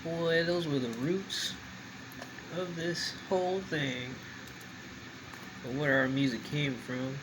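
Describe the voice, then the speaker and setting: A man whose voice sits on the high side, with fairly even intonation, eats slowly on camera and makes casual conversation with his mouth full. This mukbang vlog has a noisy background.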